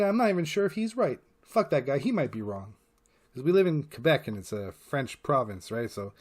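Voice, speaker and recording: A man rambles through a casual vlog monologue in a voice of ordinary middle pitch. He swears freely and fills his sentences with uhs and restarts, talking like he's chatting to a friend. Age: adult parent. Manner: rambling and profane, heavy with fillers. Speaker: channel host.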